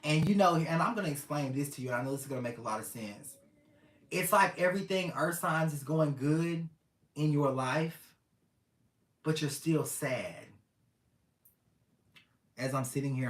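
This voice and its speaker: Speaking at a moderate pace with frequent pauses, this mid-range voice belongs to a tarot reader doing a casual reading to camera. She is earnest and affectionate (gender not stated, so: they are earnest and affectionate) and often repeats phrases to listeners. The room has a roomy echo.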